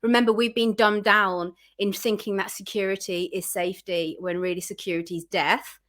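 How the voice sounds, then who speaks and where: A woman's voice: mid-range voice, fairly even intonation, moderate pace, a bit bright. A woman guest on an interview show, giving earnest, encouraging tips as a spiritual coach. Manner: earnest, encouraging advice-giver. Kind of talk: casual interview chat.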